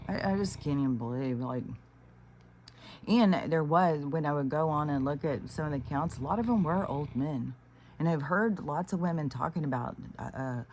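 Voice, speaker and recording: Middle-aged woman vlogger, deep-pitched for a woman, blunt and profane, faint room ambience. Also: a little mellow, a little hiss or hum. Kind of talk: casual rant to camera.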